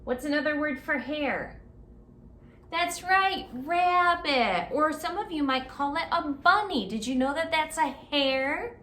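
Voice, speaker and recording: Woman, librarian, children's story time, reads aloud very slowly, asks children questions, echoey room. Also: sits high, expressive, bright, forceful tone, slight background noise.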